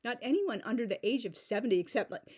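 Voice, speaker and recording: A woman's voice: a little high, animated, fast, dark tone, slightly rough. A woman in her forties giving a sarcastic, exasperated rant as a book reviewer. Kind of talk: ranting book critique.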